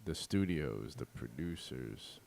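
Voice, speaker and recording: A wisecracking man co-hosts a casual podcast with quick asides. His voice is gravelly and swings lively in pitch, recorded dry and close. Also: dry recording. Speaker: podcast co-host. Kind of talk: casual chat.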